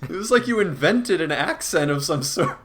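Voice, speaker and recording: A man's voice: fairly high pitch, expressive, moderate pace, a bit bright, slight background noise. A man co-hosting a podcast in casual chat, laughing often and teasing his friends, with some swearing. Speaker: podcast co-host.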